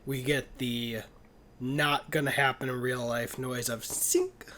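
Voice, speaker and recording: A man co-hosting a casual film podcast over a video call, upbeat, with quick asides and quoted movie lines. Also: mid-range voice, level tone, noisy background. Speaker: podcast co-host.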